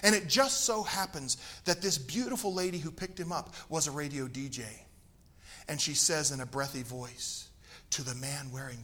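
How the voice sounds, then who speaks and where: High voiced middle-aged preacher guy from tennessee, bright tone, drops low for asides then gets loud. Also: moderate pace. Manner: storytelling, swings from low asides to loud emphatic bursts. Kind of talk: sermon with a humorous personal story.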